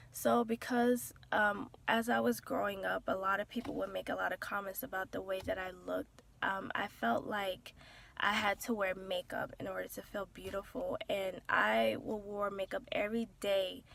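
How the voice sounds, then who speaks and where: A young woman in her twenties, talking softly and hesitantly from inside a car as she shares a personal story, with many pauses and fillers. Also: medium pitch, gravelly. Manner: soft-spoken and hesitant, with frequent "um" and "like". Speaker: vlogger sharing a personal testimony.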